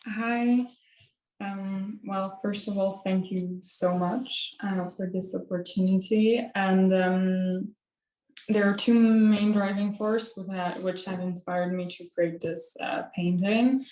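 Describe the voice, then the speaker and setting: A woman's voice: mid-range voice, fairly even intonation, takes it slowly, warm tone, echoey room, rough recording. A woman artist presenting her painting, speaking hesitantly with many fillers. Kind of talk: speaking about her artwork.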